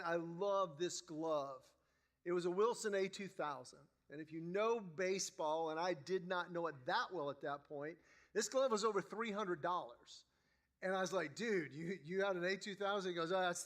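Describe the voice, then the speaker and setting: Male preacher, high-pitched voice, animated storyteller in church. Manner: animated storyteller acting out dialogue. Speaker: guest preacher. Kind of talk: storytelling sermon.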